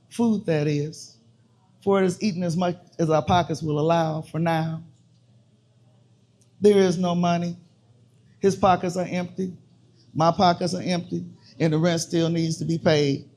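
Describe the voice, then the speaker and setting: A man performing a spoken word poem at an open mic in a bar, slow and deliberate with heavy pauses and a repeated refrain. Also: on the high side, darkish tone.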